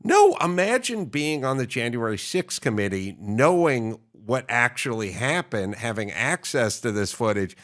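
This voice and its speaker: Chatty man host with animated pitch. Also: unhurried, hardly any pauses. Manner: chatty anecdotal storytelling, wry. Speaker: podcast host, interviewer. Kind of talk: unscripted conversational interview.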